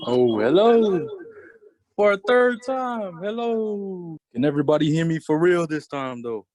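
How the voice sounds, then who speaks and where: Guy performer on a video call, kinda high voice, exasperated but joking. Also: animated, a little slow, very noisy. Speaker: talent show performer.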